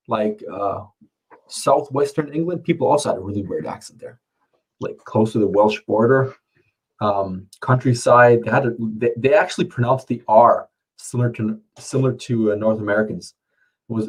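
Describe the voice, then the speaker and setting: A man's voice: lowish voice, slightly rough, poor audio. A man chatting casually at home, rambling, swearing and laughing often. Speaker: streamer. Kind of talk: casual chat. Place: home, under curfew.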